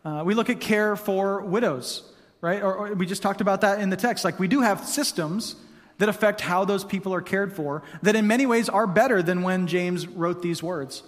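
A man's voice: high voice, moderate pace. A man preaching a sermon as pastor, conversational and prone to restarts and casual asides. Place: church hall. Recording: long hall reverb.

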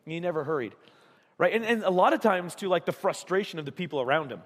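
A man's voice: high voice, lively intonation, fast, a bit bright, in a large hall. A man preaching a sermon as a pastor in a casual, conversational way. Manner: conversational, acts out voices in stories. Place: church.

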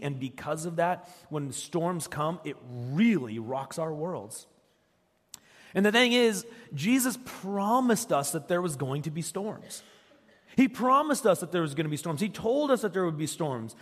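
A man's voice: on the high side, long reverb tail. A man preaching a sermon as a pastor, telling stories in a conversational way and asking rhetorical questions. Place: church.

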